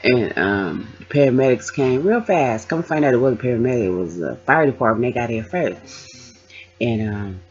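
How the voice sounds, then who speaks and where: A woman's voice: very deep voice, a little mellow. A woman vlogger telling her own story casually, acting out the voices of the people in it. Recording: dull lo-fi sound.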